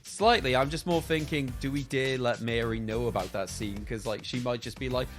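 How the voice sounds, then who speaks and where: Co-host, man, mid-range voice, dry deadpan retorts in casual podcast chat. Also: medium pitch, normal speed, faint music behind.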